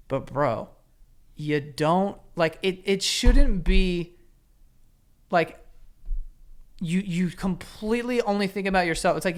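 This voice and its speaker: A man's voice: high voice, moderate pace, smooth. A man co-hosting a podcast, talking earnestly in casual chat and circling back to his points. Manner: earnest, rambling, lots of fillers and restarts. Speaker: podcast co-host.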